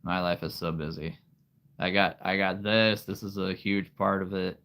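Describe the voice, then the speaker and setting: A man in his thirties chatting casually as host of a livestream, rambling and halting and laughing often. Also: low voice, fairly even intonation, a bit bright. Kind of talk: casual live-stream chat.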